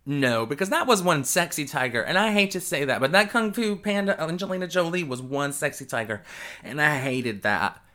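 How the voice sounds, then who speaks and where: A podcast host giving a loose, rambling solo monologue while high, often breaking into giggles. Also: lively intonation, normal speed, pushed and bright, a little hiss or hum.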